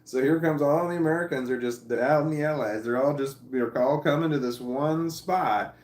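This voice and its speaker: A man's voice: a little high, moderate pace, darkish tone. A man casually telling a long rambling story, laughing often and swearing now and then. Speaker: vlogger. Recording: echoey room.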